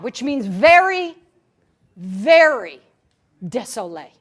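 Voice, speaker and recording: Woman teacher giving a talk to a room full of people, high voice, playful storyteller, keeps going "right?". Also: very animated, slow, long pauses, fairly bright tone. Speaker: spiritual teacher. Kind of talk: inspirational talk to a live audience. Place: room with an audience.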